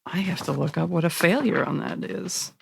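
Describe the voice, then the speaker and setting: Woman GM with a gravelly voice, animated tabletop narration, dry close recording. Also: fairly low pitch, normal speed, no echo. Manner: lively, laughs often, voices characters. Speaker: game master.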